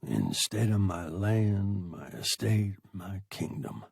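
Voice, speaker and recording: A man reading a gruff tough space captain. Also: sits low, very animated, slow pace, dry recording, studio quality, heavily acted. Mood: bitter. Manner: firm, trying to sound soft.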